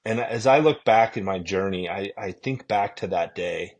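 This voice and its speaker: A man speaking gently and reflectively in casual conversation, often trailing off. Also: low-pitched, normal speed, gravelly.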